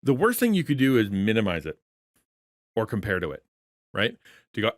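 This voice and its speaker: A man's voice: lowish voice, huge pitch swings, moderate pace, long pauses, no room sound, clean studio sound. A man coaching content creators in a conversational teaching session, earnest in tone, often restarting words and asking rhetorical questions.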